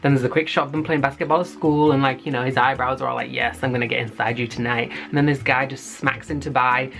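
A man's voice: medium pitch, flat delivery, fast talker, gravelly, fairly bright tone, faint music behind. A man giving a casual, profane recap of a web series and acting out the characters' lines.

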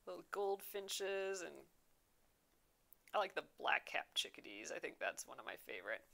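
A woman's voice: on the low side, big pitch swings, normal speed, creaky, bright, forceful tone. A young adult woman hosting a casual craft livestream, chatting and reading viewer comments aloud with frequent laughs. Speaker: embroidery livestream host.

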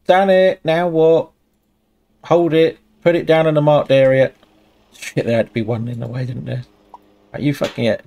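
A gaming channel host with a creaky, slightly mellow male voice commentates a cooking game casually, swearing a lot and talking himself through every task. When things go wrong, he yelps in a high voice.

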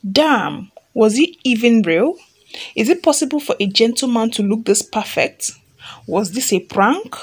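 A woman's voice: a little high, lively intonation, unhurried, husky. Chatty woman storyteller. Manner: chatty, checks in with listeners, repeats herself. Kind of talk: reading a fan story aloud, then retelling it casually.

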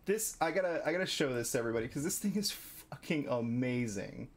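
A young adult man streaming a live reaction, emotional and quick to laugh and swear. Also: mid-range voice, lively intonation, slight background noise.

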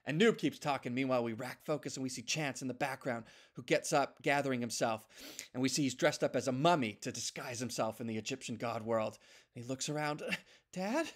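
A man, a story artist, narrating a storyboard pitch in an animated way, adding sound effects as he goes. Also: a little fast.

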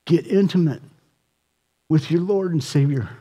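Impassioned male pastor, mellow voice. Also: fairly high pitch, a little slow, breathy edge. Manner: impassioned, rising to near shouting then dropping soft. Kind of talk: sermon.

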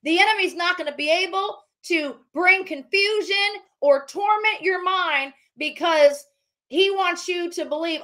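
A woman preaching on a livestream with a high, bright voice. She talks fervently, repeating phrases as she decrees over her listeners. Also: moderate pace. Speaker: prophetic minister.

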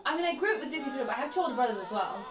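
A woman with a Black Country accent chats as a podcast guest, her stories rushing out quickly and full of feeling. She laughs easily and keeps a bubbly, lively manner. Her voice has a roomy echo around it. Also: high voice, over music. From Black Country, England. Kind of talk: casual chat.

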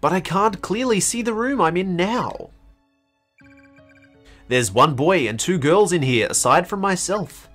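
Streamer voicing horror game text aloud: slow, swooping delivery, faint game music underneath. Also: medium pitch, big pitch swings, fairly bright tone. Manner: theatrical, bursts into acted screams and pleading. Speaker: let's play streamer.

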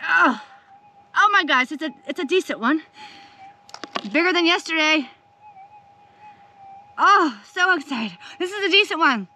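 A woman's voice: very high-pitched, a little slow, pauses often, slight background noise. A woman, chatting to viewers while prospecting outdoors in the desert, with the camera set down nearby. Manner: chatty, addresses viewers as y'all, squeals with excitement. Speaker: gold prospecting vlogger. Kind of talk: casual vlog narration.

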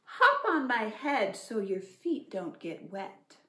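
A woman voicing a sly, smooth-talking male fox in a coaxing, falsely friendly way for a storybook reading. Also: a little high, huge pitch swings, slow pace, sharp tone, exaggerated voice. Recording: echoey room.

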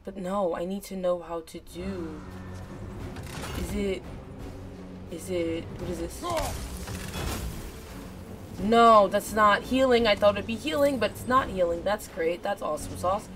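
A woman streaming a video game live, reacting excitedly and repeating phrases rapidly as she plays. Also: mid-range voice. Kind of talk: live gameplay commentary. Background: game music.

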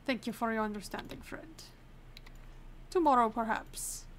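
A woman's voice: on the high side, moderate pace, natural voice. Woman putting on an officious border inspector, mock accent. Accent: put-on mock accent from the game's fictional country. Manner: formal, clipped officious phrasing. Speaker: gaming host. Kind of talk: playing a game in character.

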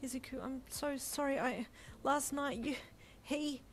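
A woman voicing a frightened young heroine who shouts high and shaky, close to tears, in a story reading. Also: steady tone, measured pace. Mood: tearful.

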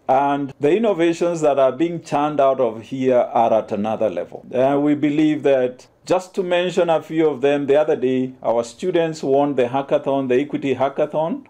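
Earnest man, mellow voice. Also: mid-range voice. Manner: earnest, promotional, measured. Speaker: university innovation centre official. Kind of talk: on-camera interview remarks.

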